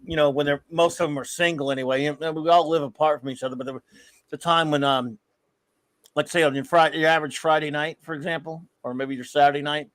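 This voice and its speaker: A man's voice: a little high, no echo. A man co-hosting a live fan show, chatting casually and reminiscing at length while greeting viewers in the chat.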